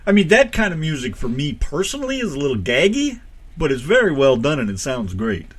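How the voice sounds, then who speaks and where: A man's voice: on the high side, wildly swooping pitch, brisk, husky. A man with an American accent co-hosting a radio show, chatting in a blunt, joking way. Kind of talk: casual chat.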